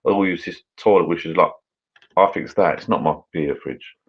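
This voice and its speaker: Deep-voiced British man rambling on a live stream. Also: brisk, highs cut off. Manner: rambling, chatty, reads viewer comments aloud. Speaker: channel host. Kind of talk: casual live-stream chat while drinking.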